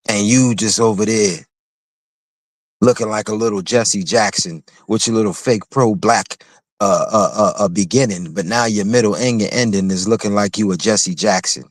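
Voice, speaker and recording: A man's voice: lowish voice, dry recording. A man hosting a livestream, delivering a heated, confrontational commentary rant with repetitive, mocking phrasing. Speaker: livestream host.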